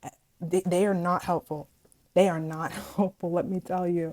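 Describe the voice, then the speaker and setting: A young woman vlogger telling a story from school in an animated, dramatic way, acting out what people said. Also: lowish voice, moderate pace, very noisy. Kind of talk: casual storytime vlog.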